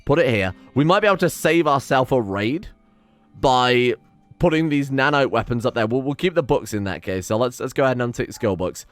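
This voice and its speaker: A man's voice: mid-range voice, animated, a little fast, no room sound. A man giving casual gameplay commentary as host, reacting aloud and swearing often as things go wrong. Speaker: let's play host.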